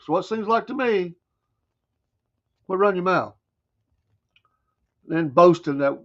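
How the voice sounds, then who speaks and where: A man's voice: high voice, lively intonation, slow pace, pauses often, lo-fi sound. A man with a Southern American accent hosting a morning talk show, riffing in a folksy, wry way with mocking asides. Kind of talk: casual talk radio monologue.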